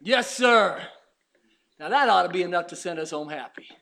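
A man preaching a sermon, calling out to the congregation, shouting his exclamations and at times dropping to a near whisper. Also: sits high, expressive, normal speed, creaky.

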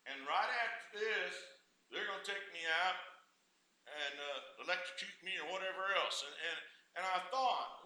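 A man preaching a sermon, moving from quiet musing to loud, fervent preaching. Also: sits high, moderate pace, roomy sound, slight background noise.

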